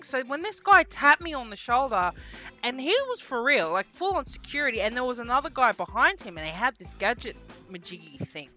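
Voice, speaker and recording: A woman's voice: on the high side, fairly quick, faint music behind. A woman telling a story in a casual vlog, swearing freely and acting out what people said. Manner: lively storyteller, acts out quotes. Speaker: vlogger.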